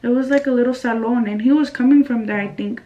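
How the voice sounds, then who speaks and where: A young woman from California chats through a storytime vlog in a slangy, chatty way, slipping Spanish phrases in here and there. Her voice sits a little high. The recording is muffled and the mic is a bit far from her. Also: fast, warm tone. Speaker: vlogger. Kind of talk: casual storytime.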